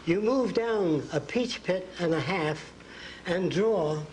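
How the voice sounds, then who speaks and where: Older man, folksy college lecturer, high voice, blackboard talk, faint noise. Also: slow pace, a little mellow, poor audio. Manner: folksy, drawing on a blackboard while talking, acts out quotes. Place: lecture hall.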